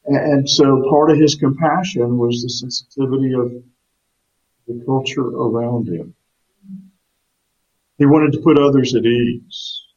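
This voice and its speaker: An earnest male pastor giving a sermon at a middle pitch. He speaks emphatically and often doubles a word as he starts a new phrase. The recording sounds slightly dull. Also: fairly even intonation, measured pace, pauses often, darkish tone.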